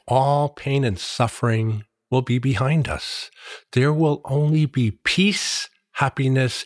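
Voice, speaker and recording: A man giving a slow, earnest Catholic devotional reflection, reading scripture verses aloud. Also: medium pitch, dry recording, studio quality. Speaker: Catholic preacher.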